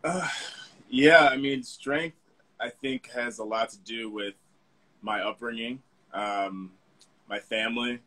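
A man being interviewed as a guest, speaking in a reflective, earnest and soft-spoken way. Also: medium pitch, takes it slowly, rough recording. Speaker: guest, fashion model. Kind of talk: casual interview.

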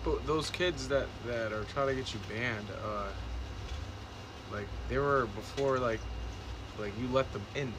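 A man's voice: mid-range voice, a little slow, pauses often. A man chatting casually with a friend, making laid-back, mumbled remarks. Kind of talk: casual chat among friends. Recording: noisy, off-mic recording.

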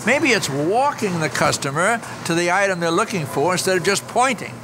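An older man giving a motivational talk on customer service, an animated storyteller who acts out his anecdotes with punch before a live audience. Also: high-pitched, moderate pace, background noise.

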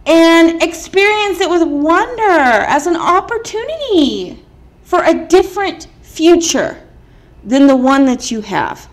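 A woman's voice: on the high side, unhurried, hardly any pauses, a little mellow, natural voice. A woman voicing a stern, no-nonsense spirit grandmother who scolds and urges with emphasis. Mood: scolding urging. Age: older.

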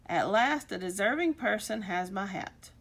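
A woman's voice: medium pitch, animated, moderate pace, fairly bright tone. A woman voicing a kindly, fussy old man in a storybook read-aloud. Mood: fond. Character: kindly old man fretting over his hat.

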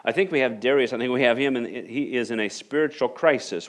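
Animated male pastor preaching. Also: mid-range voice, fairly quick. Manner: animated preaching, swells to emphatic rhetorical questions; repeats and restarts phrases while reading scripture aloud. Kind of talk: sermon.

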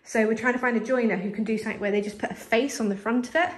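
A woman's voice: a little high, fairly even intonation, rapid-fire. A young woman, chatty and slightly out of breath, giving a casual house tour as a vlogger, filmed on a handheld camera indoors. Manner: chatty, lots of fillers.

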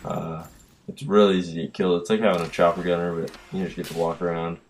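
A man's voice: low-pitched, little pitch movement, fast talker. A tired, tipsy young man rambling through casual game commentary, trailing off and yawning late at night, recorded on a built-in computer mic. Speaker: gaming commentator. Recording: faint hiss from a built-in mic. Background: game gunfire.

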